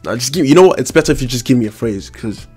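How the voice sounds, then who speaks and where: A man's voice: medium pitch, lively intonation, very fast, darkish tone, slightly rough, faint music behind. A man with an African accent hosting a casual podcast chat, rambling and repeating his phrases. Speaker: podcast host.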